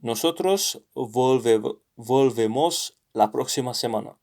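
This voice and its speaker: A man with a British accent walks through a language lesson out loud, thinking as he goes, pausing often and correcting himself. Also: medium pitch, creaky. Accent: British English. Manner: thinking aloud, explains patiently with many pauses and self-corrections. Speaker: language learner sharing lessons. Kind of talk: screen-recorded lesson walkthrough.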